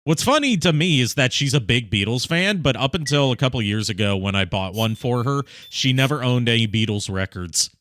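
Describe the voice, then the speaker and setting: A man's voice: mid-range voice, expressive, brisk, hardly any pauses, fairly bright tone. A man streaming a video game, chatting casually and rambling with lots of fillers and jokes. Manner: rambling, joking, filler-heavy. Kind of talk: casual gameplay commentary. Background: faint game music.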